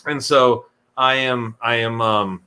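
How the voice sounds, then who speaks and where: A young man telling stories in casual chat, lively, acting out the voices of the people in them. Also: mid-range voice, slow, smooth. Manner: animated, acts out voices in his stories. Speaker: podcast guest telling stories.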